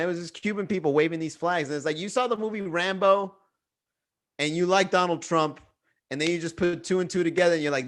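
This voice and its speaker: Speaking quickly in a voice that sits high, a young man runs a comedy livestream podcast from Miami. It's casual livestream chat, told as profane bro-style stories.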